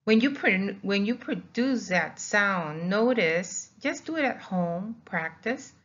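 In a mid-range, fairly bright voice with lively intonation, a woman takes her time teaching Spanish vowels, her first language. She explains patiently, repeats words, and demonstrates each vowel sound in this recorded class, captured on dull lo-fi audio.

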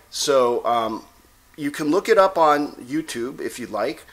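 A man giving a rambling, digressive vlog talk as a self-styled reverend, often pausing to check in with listeners. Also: mid-range voice, background noise. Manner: rambling, digressive, with frequent "okay?" check-ins. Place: Texas.

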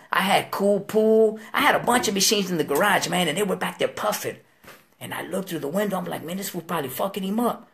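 Animated gravelly man telling a story. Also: high-pitched. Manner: animated, profane street slang, acts out quoted voices. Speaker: guest. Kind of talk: storytelling interview.

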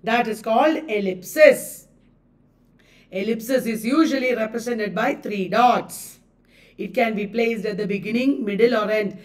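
Indian english lady teaching online, slow and emphatic, voice kinda high, mic a bit far off. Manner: emphatic, repeats key phrases and asks "did you understand?". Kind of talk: live online lecture.

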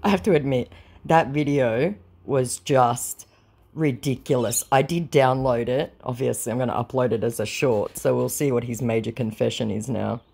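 A woman's voice: very deep voice, normal speed, vocal fry, breathy edge. A woman hosting a scam-baiting channel, narrating a chat with a scammer in a sarcastic, scornful way. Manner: sarcastic, animated, laughing at the scammer.

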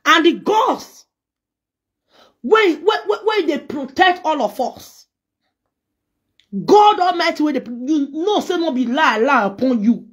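A woman's voice: high-pitched, animated, takes it slowly, pauses often. A Nigerian woman delivering a heated, scolding rant in which she trades insults. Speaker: social media personality. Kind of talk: angry response rant.

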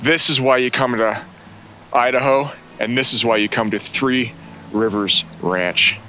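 An enthusiastic man talks through fly-fishing tips and reacts to his catch in an exclamatory voice, outdoors in a boat on a river. A faint hum of noise sits under his mid-pitched voice. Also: measured pace, sharp tone. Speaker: angler on a fishing show.

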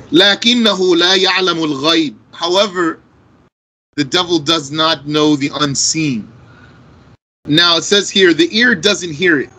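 Bright-voiced man teaching a religious lesson. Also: on the high side, slightly rough, poor audio. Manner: explains Arabic texts line by line in English, slow and deliberate.

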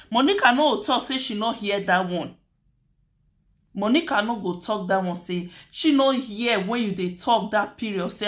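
A woman with a Nigerian accent runs a commentary channel, talking through a dispute in casual Nigerian Pidgin. She's chatty and lecturing, repeating her points, in a medium-pitched voice at a moderate pace.

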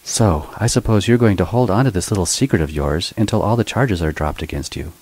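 A man's voice: sits low, brisk, a little mellow, no echo. A man voicing a blunt, cool-headed young woman officer, in a storybook reading.

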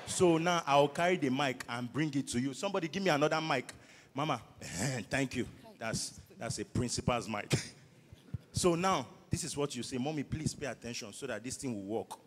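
A man with a Nigerian accent doing stand-up comedy at a church service, loud and teasing, leading call-and-response with the crowd. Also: medium pitch, moderate pace, slight background noise. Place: large church hall. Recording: echoey hall with long reverb.

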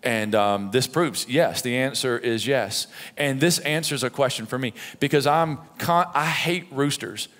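A middle-aged pastor preaching a sermon in a conversational, storytelling way, with frequent "right?" asides. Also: male voice, mid-range voice, a little slow, few pauses, fairly bright tone. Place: church sanctuary. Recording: long reverb of a church hall.

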